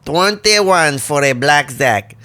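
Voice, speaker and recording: A man doing a Greek accent as a gruff old Greek immigrant grandfather who scolds and fumbles for words about gambling. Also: fairly high pitch, lively intonation, takes it slowly, sharp tone, heavily acted. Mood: gruff scolding.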